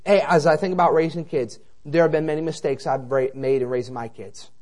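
Animated preacher man, slightly high voice. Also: brisk. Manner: animated, conversational, frequent rhetorical asides. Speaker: traveling evangelist preacher. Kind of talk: sermon with personal storytelling.

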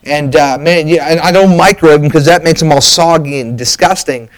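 A middle-aged man preaches from the pulpit in a folksy, storytelling way, slipping in fillers and restarting his sentences. His voice sits a bit on the high side. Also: brisk, low-quality recording. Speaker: pastor. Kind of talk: sermon.

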